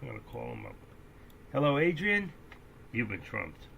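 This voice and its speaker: Man, gravelly voice, bright tone, trading live stream, jokey, rambling. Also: medium pitch, normal speed, a little hiss or hum. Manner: joking, rambling, with excitable outbursts. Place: indoors at home, seated.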